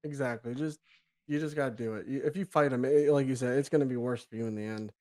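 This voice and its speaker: A young adult man, a podcast guest, telling a story with lively quoted dialogue, casual swearing and laughter. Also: mid-range voice, fast.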